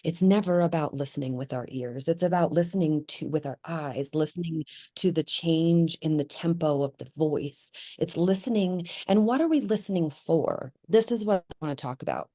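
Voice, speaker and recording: A woman's voice: low voice, moderate pace, mellow. A middle-aged woman, a spiritual teacher, thinking aloud as she gives a spontaneous spoken teaching, meandering with fillers and restarts.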